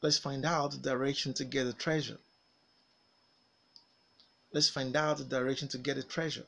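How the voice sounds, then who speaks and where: A phonics teacher leads a slow, deliberate pronunciation lesson, drawing out vowel sounds and model words with exaggerated articulation and pausing so learners can repeat. His mid-range voice is steady, gravelly, and sharp in tone.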